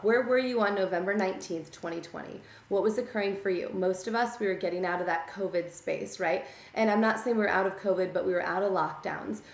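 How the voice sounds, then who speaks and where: Gravelly-voiced woman giving a blunt tarot reading. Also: medium pitch. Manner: blunt, chatty and scolding, full of "like" and "okay?". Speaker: tarot reader. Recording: echoey room.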